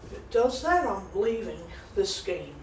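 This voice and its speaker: A woman's voice: medium pitch, big pitch swings. A woman venting angrily about her frustrations while making food in her kitchen, swearing and repeating herself. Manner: angry, swearing, slow repetitive venting. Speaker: vlogger. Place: kitchen at home. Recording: roomy, distant, noisy background.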